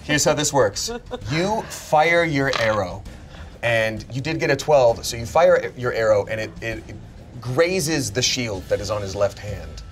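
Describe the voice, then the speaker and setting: Animated man narrating as game master. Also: mid-range voice, a little slow. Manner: animated, cinematic storytelling.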